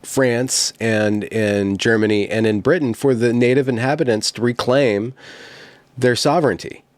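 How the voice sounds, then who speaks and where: A man hosting a conversational political discussion, speaking haltingly and restarting often as he searches for words. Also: mid-range voice, no echo. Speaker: host.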